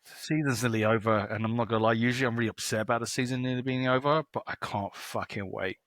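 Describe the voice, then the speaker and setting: A man's voice: mid-range voice, fairly even intonation, fast talker, fairly bright tone, no room sound. A man co-hosting a casual sports podcast, blunt and swearing freely. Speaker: podcast co-host.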